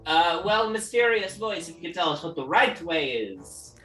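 A woman's voice: fairly low pitch, sing-song, moderate pace, a bit bright, reverberant, faint music behind. A woman playing a tabletop game, talking in a hesitant way with lots of fillers. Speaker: player.

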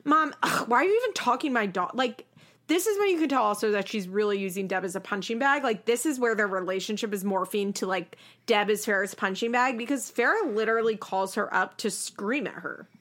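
A woman's voice: mid-range voice, animated, a little fast, a bit bright. A young woman co-hosting a casual chat, telling a story and acting out quotes in exaggerated voices. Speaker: podcast co-host.

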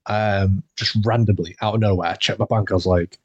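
A man's voice: fairly low pitch, fairly even intonation, fairly quick, breathy edge, no echo, highs cut off. A young man, hosting a podcast and telling a rambling, sweary story with laughs. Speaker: podcast host. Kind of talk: casual storytelling chat.

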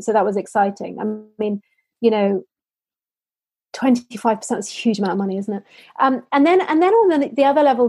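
Woman guest, earnest storyteller, fairly high husky voice, dry close sound. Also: darkish tone, no room sound, rough recording. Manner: earnest, heartfelt anecdotes. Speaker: social entrepreneur guest. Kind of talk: interview storytelling.

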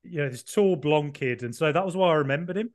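A man's voice: on the high side, fast talker. A young man from the UK co-hosting a podcast, teasing his co-host and laughing a lot. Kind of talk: casual chat.

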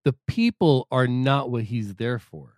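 Male co-host, mid-pitched, relaxed explainer, trails off softly, dry close mic. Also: unhurried, dry recording. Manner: explanatory, laid-back, drops low and quiet at ends. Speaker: podcast co-host. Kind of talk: casual chat.

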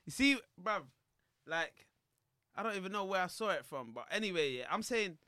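Lively, bright-voiced man. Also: sits high, normal speed, clear, resonant tone, no echo, studio quality. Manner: rambling, slangy. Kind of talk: casual podcast chat.

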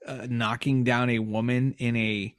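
A man's voice: medium pitch, flat delivery, unhurried, dry recording, studio quality. A young man co-hosting a podcast, telling a news story with sarcastic jokes and losing his voice. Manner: joking, sarcastic asides. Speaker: podcast co-host. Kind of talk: casual chat, reading a news story.

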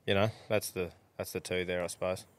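Aussie podcast host bantering and swearing, dead dry close mic. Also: male voice, low-pitched, little pitch movement, fairly quick, dry recording. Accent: Australian. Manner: sweary, laid-back banter. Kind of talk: casual chat.

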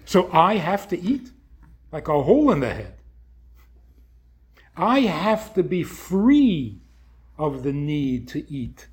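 A man delivers a sermon in a husky, slightly higher voice, speaking in short punchy phrases. He moves at a deliberate, unhurried pace. His pitch rises and falls widely as he poses question after question. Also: very animated. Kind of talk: sermon-like talk.

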